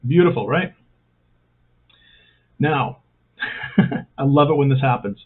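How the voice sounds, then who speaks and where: A man's voice: mid-range voice, animated, slow, slightly rough. A man hosting a casual step-by-step hobby tutorial, talking in a rambling way with self-mocking jokey asides. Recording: thin phone-like sound.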